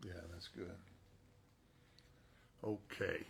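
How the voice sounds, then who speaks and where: A man's voice: on the low side, unhurried, gravelly, fairly bright tone, breathy edge. A male voice actor chatting casually while signing autographs and talking to himself as he works.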